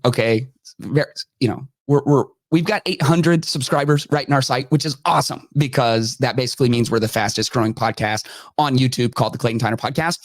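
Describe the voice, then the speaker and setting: Here a male podcast host in a mid-range voice, recorded without echo, riffs casually and mockingly. With plenty of animation, he performs each quote he passes along.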